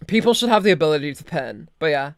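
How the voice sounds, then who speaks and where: A woman's voice: deep voice, lively intonation, quick pace, dry recording. A young adult woman streaming as a VTuber, chatting casually and rambling, swearing now and then into a close desk mic. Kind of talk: casual live-stream chat.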